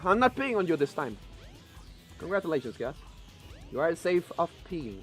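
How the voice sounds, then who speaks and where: A man streaming live gameplay commentary. He is profane and excitable, begging the game and yelling at it. His first language is Spanish. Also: on the high side, moderate pace, long pauses, soft background music.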